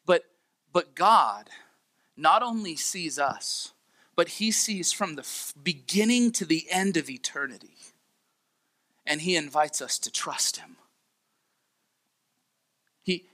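A man's voice: a little high, bright, forceful tone. A man preaching a sermon as pastor, earnest and pleading, often repeating his phrases.

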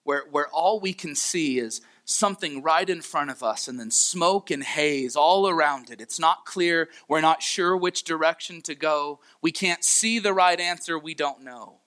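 A male pastor delivers a sermon with earnest, pleading conviction, circling back over his key phrases. His voice sits a little high and rings bright and forceful. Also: measured pace, few pauses, clear, resonant tone.

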